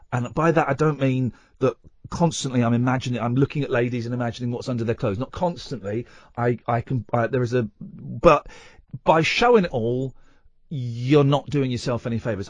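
A man's voice: a little high, no echo. A man hosting a radio phone-in, talking casually, rambling and correcting himself with a playful streak. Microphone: studio microphone.

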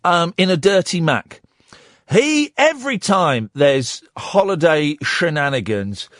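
A man hosting a talk radio show, wry and mocking as he riffs on the news. His pitch leaps around as he talks, and his voice sits fairly high for a man. The studio sound is close and dry. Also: measured pace, dry recording. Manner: sarcastic, jokey and animated. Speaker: radio host. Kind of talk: casual radio chat. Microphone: studio mic.

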